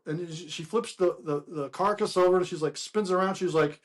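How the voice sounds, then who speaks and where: Casting: middle-aged man, bar-talk guest, high voice, rambling storyteller. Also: moderate pace, few pauses. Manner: rambling, laughing, quotes others in animated voices. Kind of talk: casual storytelling chat.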